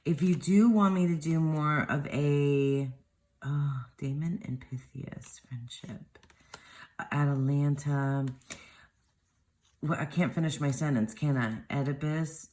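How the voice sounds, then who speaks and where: A woman with a low voice talks through new tarot decks at an unhurried pace. She rambles, trails off and breaks her own sentences. The tone is casual chat. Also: steady tone, warm tone. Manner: rambling, self-interrupting, gushing. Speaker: tarot vlogger.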